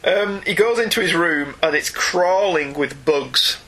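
An English man co-hosting a casual comics podcast, chatty and animated with jokey asides. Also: fairly high pitch, unhurried. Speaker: podcast co-host.

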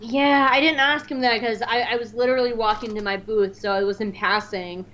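A woman in casual podcast chat, telling animated stories and jumping up high when she mimics other people. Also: a little fast, dull audio. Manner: animated storyteller, mimics voices with high squeals.

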